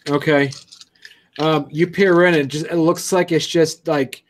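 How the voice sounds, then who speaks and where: Hesitant, slow-talking game master man. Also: on the high side, steady tone, a little hiss or hum. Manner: hesitant, many ums and restarts. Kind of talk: narrating a tabletop game.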